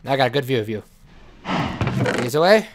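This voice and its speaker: A man's voice: mid-range voice, big pitch swings, brisk. Male let's play host, playful commentary, chides his pet; audible background noise and clicks. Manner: playful, scolds and chats to his in-game animal. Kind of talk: gameplay commentary.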